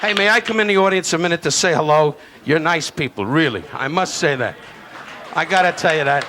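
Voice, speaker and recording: A man doing a brash insult stand-up routine, teasing and shouting at people in the live audience. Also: on the high side, animated, a little fast. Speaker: stand-up comedian. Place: stage before a live audience. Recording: noisy live recording with loud crowd.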